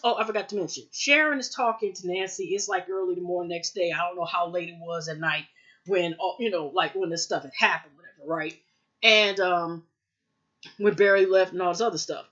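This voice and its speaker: A woman's voice: medium pitch, bright, forceful tone, lo-fi sound. Rambling woman recapping a show. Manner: rambling, filler-heavy retelling with quoted lines. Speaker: TV recap vlogger. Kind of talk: casual episode recap.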